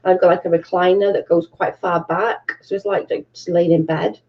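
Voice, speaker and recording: A woman's voice: lowish voice, steady tone, normal speed, dull audio. A British woman hosting a casual livestream from her bedroom, chatting and reading out viewer comments, swearing freely. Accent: British English. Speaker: livestream host.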